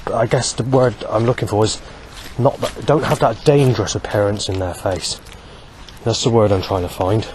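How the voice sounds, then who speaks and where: Hesitant, rambling low-voiced man. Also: steady tone, a little mellow, slight background noise. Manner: hesitant, halting, searching for words. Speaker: vlogger. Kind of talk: rambling solo monologue.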